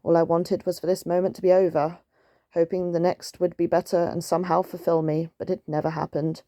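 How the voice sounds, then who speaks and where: Woman reading as an old tired lady tortoise, slow and low, mellow. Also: little pitch movement, no echo, clean studio sound, natural voice. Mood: weary. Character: weary ancient female tortoise, slow and sad.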